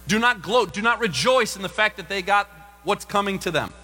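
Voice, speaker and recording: A middle-aged man preaching a sermon as pastor, animated and acting out voices in the stories he tells. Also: moderate pace. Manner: animated, acts out quoted voices with big pitch jumps. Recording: long reverb of a large room.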